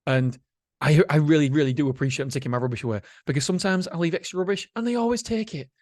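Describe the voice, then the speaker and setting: A man hosting a solo motivational podcast, chatty and animated, swearing casually. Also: on the high side, quick pace, dry recording, studio quality. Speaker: podcast host.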